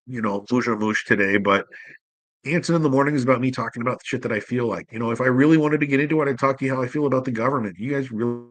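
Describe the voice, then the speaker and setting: A man's voice: mid-range voice, fast, no room sound, rough recording. A man hosts his own show alone, talking in a loose, rambling way full of "you know." He is candid and self-deprecating and swears casually. His voice sits in an ordinary middle range, recorded dry with no room sound. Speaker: host. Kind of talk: casual solo livestream monologue.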